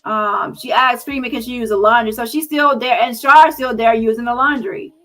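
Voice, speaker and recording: Confrontational woman host, bright voice. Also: fairly high pitch, moderate pace, faint music behind, rough recording. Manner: confrontational, addresses viewers as y'all. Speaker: commentary channel host. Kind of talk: heated livestream commentary.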